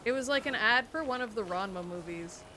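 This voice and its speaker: A woman's voice: on the high side, animated, fairly quick. Rambling young woman streamer, game noise. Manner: rambling and nostalgic, trails off into musing. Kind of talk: casual chat while gaming. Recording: noisy game audio behind.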